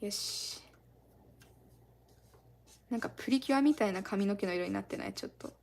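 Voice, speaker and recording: A woman's voice: medium pitch, fast talker, creaky, a little mellow. A woman streaming live as she colors, chatting in a rambling, casual way and thanking her viewers often.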